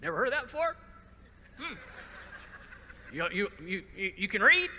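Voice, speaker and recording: A man voicing a gruff, curmudgeonly priest in his late eighties who fires off blunt, clipped questions. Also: sits high, sing-song, moderate pace, bright, forceful tone, big-room sound, a little hiss or hum, full character voice. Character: gruff 89-year-old male New England curmudgeon priest.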